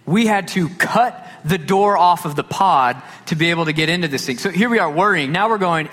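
A man's voice: fairly high pitch, brisk, few pauses. Man preaching in a reverberant hall. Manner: storytelling, animated retelling with quoted dialogue. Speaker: pastor. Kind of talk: sermon.

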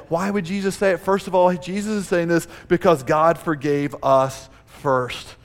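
Guy with a high voice giving a sermon, lots of echo from the church hall. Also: moderate pace, hardly any pauses. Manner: earnest preaching with rising emphasis and storytelling. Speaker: pastor.

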